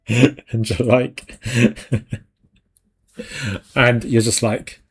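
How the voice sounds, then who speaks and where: A man's voice: mid-range voice, flat delivery, extremely slow, pauses often, slightly rough. A man hosting a live stream, chatting casually and jokingly with viewers while he works, laughing often. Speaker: 3D art stream host.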